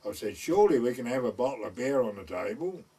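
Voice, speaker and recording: A man's voice: medium pitch, big pitch swings, fast, dark tone, slightly rough, recorded from a distance. An older man with a North Essex and West Suffolk border accent, telling village stories in a rambling oral-history way and voicing the people he quotes. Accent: North Essex / West Suffolk border dialect. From East Anglia, England. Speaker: village storyteller. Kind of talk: recorded oral-history storytelling.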